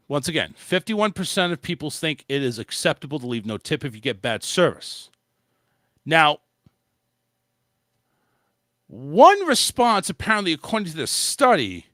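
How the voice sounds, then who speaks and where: A man's voice: a little high, fairly bright tone, no room sound. A male host giving a blunt, swearing opinion monologue in a casual style, talking into a close mic. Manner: blunt, ranting, swears freely.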